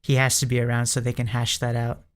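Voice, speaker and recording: Smooth, even-voiced man whose voice cracks. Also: mid-range voice, fast. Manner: voice prone to cracking. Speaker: podcast co-host. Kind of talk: casual chat about video games.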